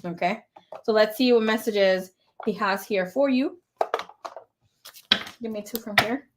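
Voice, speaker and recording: A woman's voice: medium pitch, measured pace, background noise. Chatty woman giving a tarot reading. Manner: chatty, rambling, with fillers and self-corrections. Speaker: tarot reader. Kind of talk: live tarot reading, casual chat.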